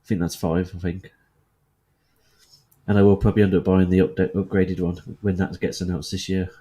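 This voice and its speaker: A man's voice: low-pitched, flat delivery, fairly quick, warm tone. A man from Birmingham with a Birmingham accent, bantering jokily in a casual gaming podcast chat. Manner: jokey, banters and swears.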